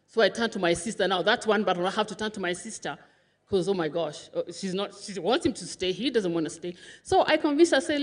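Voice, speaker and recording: A woman eulogizes her late brother-in-law before a congregation at his funeral, her medium-pitched voice animated and a little fast. She laughs and cries as she pays her emotional tribute.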